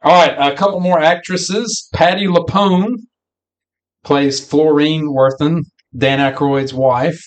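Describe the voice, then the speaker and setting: A man's voice: on the high side, steady tone, slow. A man co-hosting a podcast, chatting casually about a film and acting out some of its lines. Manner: chatty, acts out movie lines. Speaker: podcast co-host.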